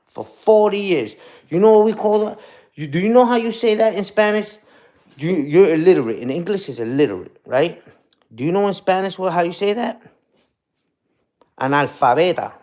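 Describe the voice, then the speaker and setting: A man's voice: high voice, a little mellow. A man streaming live, ranting and taunting in a casual way and repeating "you heard?" over and over. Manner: taunting, repetitive, peppers lines with "you heard?".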